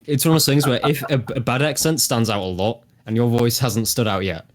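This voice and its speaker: Man, English accent, mid pitch, chatty, casual podcast talk. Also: steady tone, brisk. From England. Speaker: podcast cast member.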